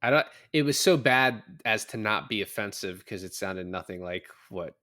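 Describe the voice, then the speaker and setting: A man's voice: fairly low pitch, expressive, normal speed, pushed and bright. A man co-hosting a film podcast, recapping scenes in loose, profane casual chat and laughing as he goes. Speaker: podcast co-host. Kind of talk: casual movie-review chat.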